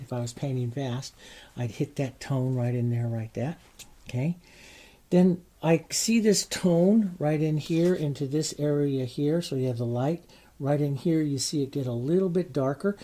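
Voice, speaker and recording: A man with a dark, mellow voice talks through a painting demonstration as he works. He explains in an easygoing way, with frequent fillers and restarts. His voice sits at an ordinary middle pitch. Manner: relaxed, explains while working, many fillers and repeats. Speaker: painting instructor.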